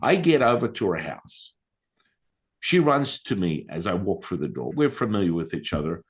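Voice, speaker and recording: A man's voice: sits low, moderate pace. A man, a guest on a podcast, telling a story in a casual, emphatic way and acting out the voices of the people in it. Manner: animated, acts out quoted voices; conversational, emphatic. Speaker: podcast guest, Taoist master and healer.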